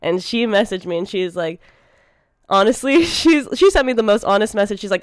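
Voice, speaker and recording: A young American woman in her twenties co-hosting a podcast, chatty and relaxed, with a teasing edge. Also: mid-range voice, fairly quick, no room sound, clean studio sound. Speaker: podcast co-host. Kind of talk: casual chat.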